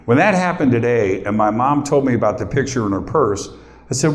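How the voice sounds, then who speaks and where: A man's voice: fairly low pitch, animated, brisk. A middle-aged male host talking casually and personally to a live audience, choked up and near tears, chatting with the crowd. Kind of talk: casual emotional talk to a room.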